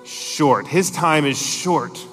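A man delivers an emphatic sermon, reading scripture aloud and pressing each point with rising intensity. His mid-pitched voice rings out with a long reverb in a large church hall, while soft music plays faintly behind him. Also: unhurried. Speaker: preacher.

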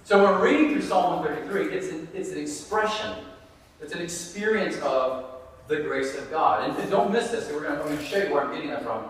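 A man's voice: a little high, animated, brisk, far from the mic. A man preaching a sermon, speaking earnestly and conversationally and repeating his key phrases. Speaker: pastor. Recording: echoey hall, voice picked up from afar.

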